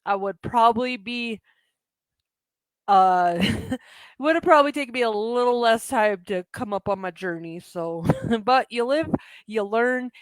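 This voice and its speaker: A woman's voice: a little high, unhurried, smooth, dry recording. A woman giving a live spiritual reading as an angel healer, chatty and encouraging, often laughing. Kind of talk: live-stream spiritual message, casual.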